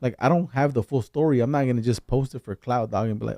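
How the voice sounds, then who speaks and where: A man who is a comedian, talking in a slangy, animated way as a guest on a casual podcast. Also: mid-range voice, quick pace, no room sound, clean studio sound. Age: adult with kids. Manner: slangy and animated, calls people fool and dog.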